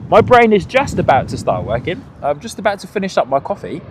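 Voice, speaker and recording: A man's voice: sits high, very animated, quick pace. Man, live plane-spotting commentary, chatty, windy outdoor ambience. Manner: chatty, answers viewer chat, laughs often. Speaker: live stream host. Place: outdoors by an airport on a cold windy morning. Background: wind and outdoor ambience.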